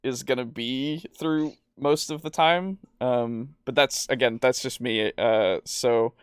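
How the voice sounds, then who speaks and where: Male podcast co-host, smooth and dry, rambling casual delivery. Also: mid-range voice, takes it slowly, no echo. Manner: rambling, with fillers and restarts, laughs often. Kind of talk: casual chat.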